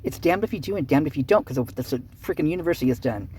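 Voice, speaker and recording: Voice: mid-range voice, lively intonation, rapid-fire, a little mellow, breathy edge. A vlogger giving heated, sarcastic commentary on news stories, ranting and calling people out. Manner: ranting, fired up, sarcastic asides. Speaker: true-crime commentary channel host. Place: at home, with outdoor work nearby.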